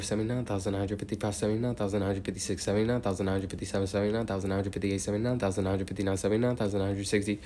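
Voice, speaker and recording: A man livestreaming as he counts out loud without a break, now and then drifting off into rambling chat full of "like". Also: lowish voice, slight background noise.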